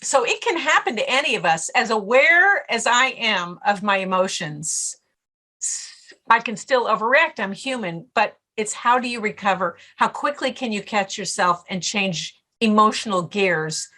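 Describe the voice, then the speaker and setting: A middle-aged woman speaking as a podcast guest on stress management, telling stories in an animated way and acting out her own inner voice. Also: medium pitch, moderate pace. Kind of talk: casual interview talk.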